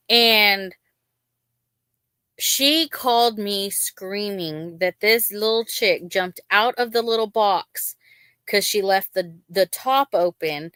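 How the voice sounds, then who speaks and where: A woman's voice: mid-range voice, pushed and bright, clean tone, no room sound. A woman hosting a casual livestream, rambling with lots of ums and talking openly about her feelings. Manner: rambling, many ums, emotional but chatty. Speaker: livestream host. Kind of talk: casual live-stream chat.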